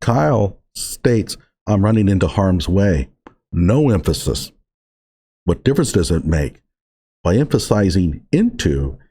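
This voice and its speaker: A man's voice: low-pitched, mellow, slight background noise. A man giving emphatic, sarcastic reaction commentary on an article he is reading through.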